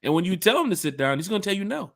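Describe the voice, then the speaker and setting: A man hosting a casual fan podcast from home, talking into his own mic and camera. He tells stories with animated, sing-song swings in pitch and jumps into high voices for the people he quotes. The sound is dry and close, with no room around it. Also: rapid-fire, gravelly, dry recording. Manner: animated storyteller acting out quotes. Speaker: podcast host.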